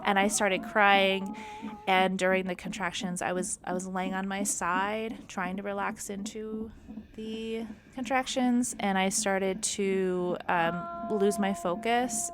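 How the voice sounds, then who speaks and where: A young adult woman tells a personal story for her podcast, candid and open, laughing now and then as she goes. Her voice sits on the lower side. Steady background noise runs behind her. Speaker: podcast host.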